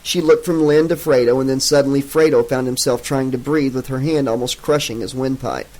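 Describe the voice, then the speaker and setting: A man narrating a horror audiobook in a steady, dramatic reading. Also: medium pitch, a little fast, poor audio.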